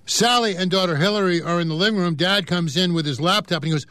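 A man's voice: high-pitched, fast, hardly any pauses, a bit bright, no room sound, clean studio sound. A man reading newspaper articles and comic strips aloud, in a casual way with offhand asides and self-corrections. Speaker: newspaper reader.

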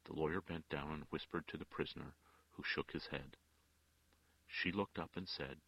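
A man narrating an audiobook with measured, expressive storytelling. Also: a bass voice, creaky, husky, no room sound. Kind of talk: audiobook reading. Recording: dull, dry lo-fi recording.

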